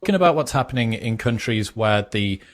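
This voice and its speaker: Low-voiced man musing in conversation. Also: lively intonation, a little fast. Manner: rambling, anecdotal. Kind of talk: conversational interview.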